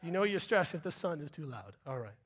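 A man's voice: a little high, big pitch swings, a little fast, a bit bright, slightly rough. A man preaching a sermon as pastor, joking with the congregation and repeating punchlines. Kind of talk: sermon with humor.

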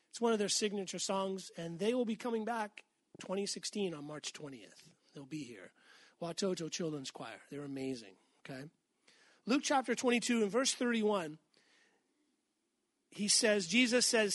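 A middle-aged man from Massachusetts preaching a conversational sermon, asking the congregation questions and slowing down when he reads scripture. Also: high voice, no room sound, studio quality. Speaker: pastor.

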